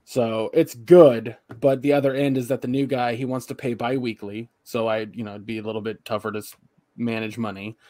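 A man's voice: medium pitch, level tone, a little fast, mellow, no room sound, studio quality. A young man and podcast co-host, casually telling long, profane, rambling stories about work and home. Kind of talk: casual chat.

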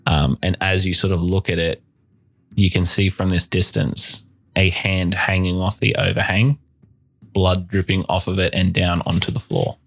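A man's voice: low voice, level tone, normal speed, vocal fry, a bit bright. A man narrating as game master of a tabletop game, describing scenes steadily.

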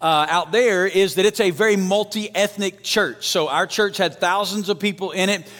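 A man with a Southern accent from Alabama, preaching as a guest pastor and drawing amens from the congregation. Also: sits high. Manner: energetic, calls for amens and audience response. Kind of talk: sermon. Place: church auditorium stage. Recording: long hall reverb.

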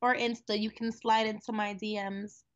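A woman co-hosting a podcast, chatting casually with playful, quick short replies. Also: medium pitch, flat delivery, highs cut off. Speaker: podcast co-host. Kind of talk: casual chat.

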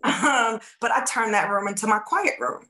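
A woman coaching on faith in a casual podcast chat, telling a lively story and acting out the dialogue, sometimes dropping to a hushed voice. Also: a little high, moderate pace. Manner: animated storytelling, acts out quoted dialogue.

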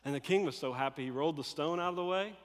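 Animated preacher in a reverberant hall. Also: male voice, a little high, fast. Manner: animated storytelling, voicing characters in quotes. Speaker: pastor. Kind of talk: sermon.

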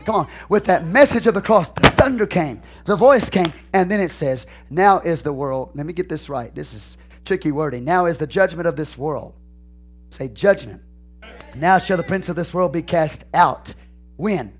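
A male pastor preaching a sermon, dropping to hushed asides and rising to shouted, repetitive call-and-response lines. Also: on the high side, lively intonation, normal speed. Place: church sanctuary.

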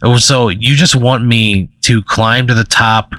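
A man in casual comedy podcast chat, laid-back with quick reactive asides. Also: medium pitch, fairly even intonation, sharp tone, no echo. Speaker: podcast co-host.

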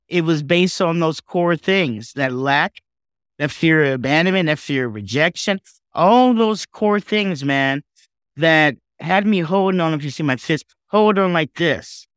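A man with a slightly high voice tells a personal story as a podcast guest, heartfelt and animated. He drops in asides like "okay?" and "man" as he goes. The sound is dry and close. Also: a little slow, smooth, dry recording.

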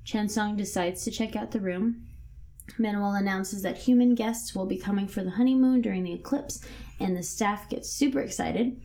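A woman's voice: medium pitch, normal speed, creaky, mellow. A woman co-hosting a podcast, casually chatting and recapping a TV show, laid-back and swearing now and then. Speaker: podcast co-host.

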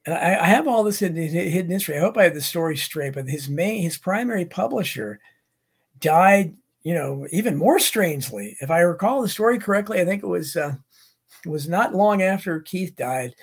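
A man's voice: sits high, expressive, brisk, husky. A middle-aged man from the United States hosting a livestream, reading viewer comments and rambling through anecdotes with many restarts. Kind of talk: casual rambling chat.

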